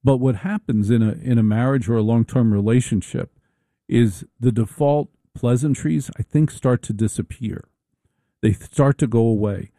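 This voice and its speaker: A middle-aged man delivering a wry, rambling comedic monologue, full of halting restarts. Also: medium pitch, mellow, no room sound.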